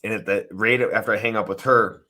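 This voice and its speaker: A man in his thirties, an interview guest, telling a painful personal story in a halting, emotional way with many restarts. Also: on the low side, fairly even intonation, pushed and bright.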